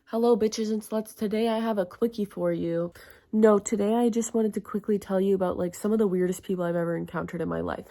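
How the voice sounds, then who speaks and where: Crude chatty young woman with vocal fry. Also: mid-range voice, steady tone, a little fast, dark tone. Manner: chatty, crude and self-mocking, heavy use of "like". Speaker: vlogger. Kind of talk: casual storytime.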